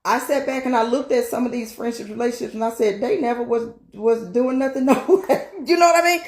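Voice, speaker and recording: A woman's voice: on the high side, fairly quick. Woman preaching in a roomy echo. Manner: emphatic repetition, asks "right?" often. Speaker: minister. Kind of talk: testimony-style preaching.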